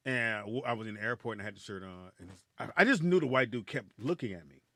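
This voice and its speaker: Male comedy host; playful storyteller, lively bright voice, dry close mic. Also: medium pitch, quick pace, no echo. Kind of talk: casual comedy podcast chat.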